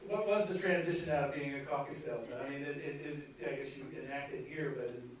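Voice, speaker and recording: A man moderating a live Q&A, posing questions haltingly with many restarts. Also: medium pitch, a faint crowd. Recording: echoey theater, distant mic, faint noise.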